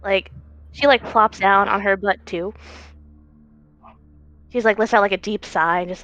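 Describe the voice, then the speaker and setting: A woman's voice: medium pitch, steady tone, measured pace, long pauses, a bit bright, no echo, dull audio. A woman player casually narrating her character's actions, swearing and using many fillers.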